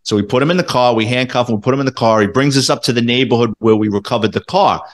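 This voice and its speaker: Middle-aged New man, ex-cop guest; casual, salty storyteller who jumps into quoted voices; mid-pitched. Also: racing. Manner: animated, profane, acts out quoted dialogue. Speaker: former police detective, guest.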